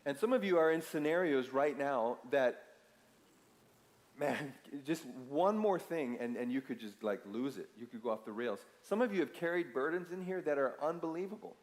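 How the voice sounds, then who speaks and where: A man's voice: fairly high pitch, expressive, normal speed, long reverb tail. A man preaching a sermon in a conversational way, asking the congregation questions and raising his voice for emphasis. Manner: conversational, asks the audience questions, emphatic bursts. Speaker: pastor. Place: church sanctuary.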